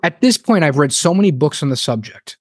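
Animated joking male podcast host. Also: a little high, fairly quick, breathy edge, no echo, clean studio sound. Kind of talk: casual interview chat.

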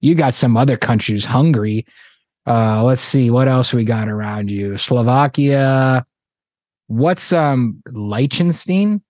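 Guy hosting a podcast, jokey, pokes fun at himself, mid pitch. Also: darkish tone, dry recording. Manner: joking, self-mocking, quick asides. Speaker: podcast host. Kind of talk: casual interview chat.

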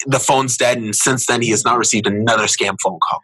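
A man chatting casually as a guest on a podcast, emphatic and animated in his asides. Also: mid-range voice, brisk, breathy edge, low-quality recording. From Russian American family.

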